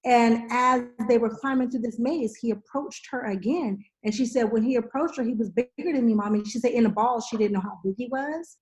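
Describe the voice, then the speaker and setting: Animated woman host telling a story. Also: a little high, moderate pace, few pauses. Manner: animated storyteller, acting out dialogue. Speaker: podcast host. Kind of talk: casual chat.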